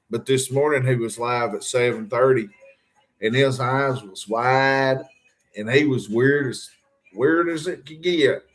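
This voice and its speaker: Rambling man talking to his chat. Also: mid-range voice. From Harlan County, Kentucky. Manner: rambling, addresses viewers directly, jokey. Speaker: livestream host. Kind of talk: rambling livestream talk to chat.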